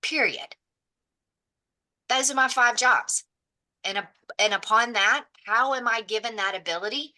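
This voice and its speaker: A woman's voice: a little high, measured pace, long pauses, sharp tone. A woman giving an impassioned, preachy motivational speech on a video call, blunt and swearing freely. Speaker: real estate agent in a mastermind group.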